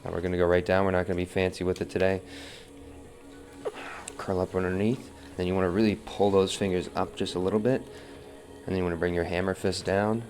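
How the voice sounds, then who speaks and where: A man's voice: low voice, little pitch movement, fairly quick, darkish tone, soft background music. A man teaching wheel-throwing as he works, talking through each step and counting pulls under his breath. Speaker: pottery instructor. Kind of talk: live throwing demonstration.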